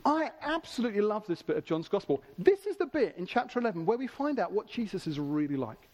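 A man preaching a sermon with enthusiasm, slowing down to stress key words. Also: high-pitched, big pitch swings, a little mellow.

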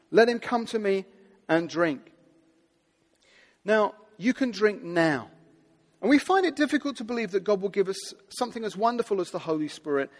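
A man preaching a sermon to a seated audience, earnest and building to loud, emphatic quotations. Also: high-pitched. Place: large hall with audience seating. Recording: long hall reverb.

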